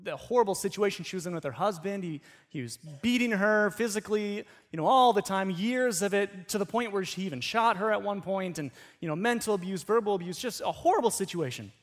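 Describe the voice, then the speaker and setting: A man with a high-pitched voice gives a sermon. He preaches like he is chatting, retelling a story with frequent restarts and repeated words. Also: lively intonation, brisk, few pauses. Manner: conversational storytelling with many restarts. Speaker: pastor.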